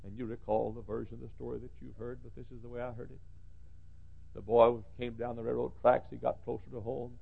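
A man preaching a sermon in a church, swinging from hushed lines to shouting. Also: medium pitch, level tone, brisk, creaky, husky, narrow, tinny audio.

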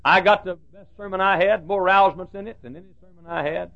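A man's voice: sits high, fast talker, fairly bright tone. An older man preaching a sermon with humorous storytelling and rhythmic repetition, in a muffled lo-fi recording.

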